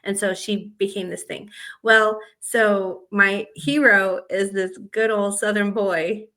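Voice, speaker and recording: A woman's voice: medium pitch, fairly even intonation, slow, sharp tone. A woman from the American South co-hosting a romance writing podcast, talking in a chatty, rambling way with lots of fillers. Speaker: podcast co-host and romance author. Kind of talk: casual chat.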